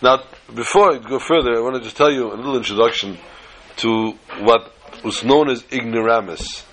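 A man's voice: mid-range voice, moderate pace, fairly bright tone, slight background noise, poor audio. A man telling a folk tale in a chatty, digressive way, sprinkling in Yiddish phrases and asides. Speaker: storyteller. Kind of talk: folksy storytelling with Yiddish phrases.

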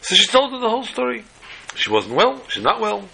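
A man with a gravelly, rough-edged voice tells stories in a casual, folksy way. His tone is bright and forceful, and he drops Yiddish and Hebrew phrases as he acts out each character's lines. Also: high voice, huge pitch swings, a little hiss or hum, low-quality recording. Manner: acts out dialogue with quick quoted voices. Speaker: storyteller. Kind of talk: casual storytelling talk.

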